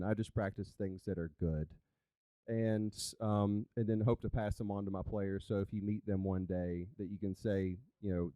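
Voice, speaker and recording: A man telling a live story on stage as a coach, animated and conversational. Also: fairly low pitch, clear, resonant tone, no echo. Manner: animated, conversational, chatty with "like" fillers. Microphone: handheld microphone.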